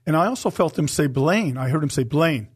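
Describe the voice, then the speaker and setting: A man with a somewhat high voice, sharing a personal testimony on a Christian talk show. He is earnest and emotional, and he slows down and drops his volume to stress the points that matter to him. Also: lively intonation, breathy edge.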